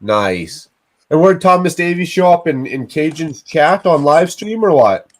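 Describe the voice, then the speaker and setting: A man's voice: fairly high pitch, sing-song, measured pace, poor audio. A man hosting a casual livestream, scolding himself with groans and frequent swearing. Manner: self-reproaching, groaning, swears often. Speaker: livestream host.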